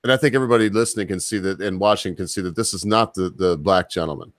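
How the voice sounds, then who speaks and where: A man's voice: deep voice, quick pace, no room sound, clean studio sound. A man hosting a commentary show, reading news aloud and adding wry, chuckling asides. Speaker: host.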